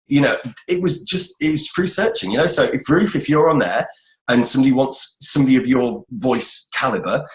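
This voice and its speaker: A middle-aged British man giving voice-over career advice in a casual, chatty interview, often restarting phrases. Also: medium pitch. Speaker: voice-over expert guest. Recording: roomy echoey sound.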